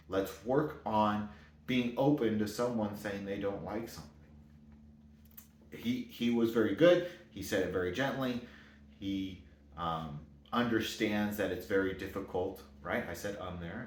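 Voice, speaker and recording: A man giving a casual motivational talk, rambling and correcting himself as he goes. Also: lowish voice. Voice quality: talks in loose, rambling sentences with self-corrections. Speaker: motivational speaker. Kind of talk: casual monologue. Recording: echoey room.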